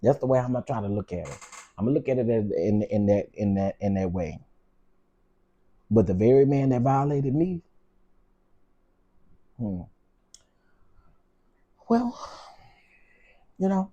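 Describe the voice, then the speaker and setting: A man's voice: mid-range voice, lively intonation, a little slow, pauses often, warm tone, lo-fi sound. A man hosting his own channel, telling personal stories with frank, heated, preacher-like repetition. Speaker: channel host. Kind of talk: emotional storytime commentary.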